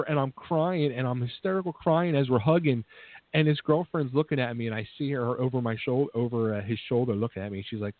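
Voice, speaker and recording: A man's voice: fast talker, no echo. A man hosting a casual radio interview, laughing along with his guest and telling his own story. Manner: easygoing, laughs along, lively pitch. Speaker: radio show host. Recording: dry, phone-like narrow sound.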